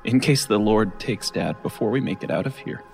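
An actor playing a tired teenage older brother in an audio drama, speaking in an even, weighted way. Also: male voice, lowish voice, moderate pace, faint music behind, close to an everyday voice. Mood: grave. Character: weary teenage older brother, grave and steady.

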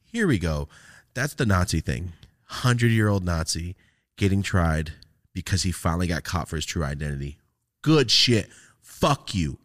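Young guy podcast host, really deep voice, cusses a ton, laughs at his own stories. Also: normal speed. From California. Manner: animated storytelling, laughs a lot, cusses constantly. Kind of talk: casual profane podcast chat.

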